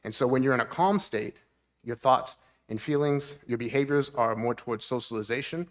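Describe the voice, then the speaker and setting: A man's voice: mid-range voice, normal speed. A man, a therapist, giving a talk at a church seminar. He explains things plainly, keeps checking in with the audience, and lifts his voice to act out moods.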